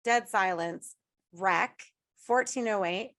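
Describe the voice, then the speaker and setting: A woman's voice: medium pitch, takes it slowly, a bit bright, dry recording. Woman in her 30s hosting a podcast, kinda sick, chatty, dry close mic. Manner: chatty, restarts and laughs often. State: sick, a bit rough. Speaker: podcast host. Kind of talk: casual chat.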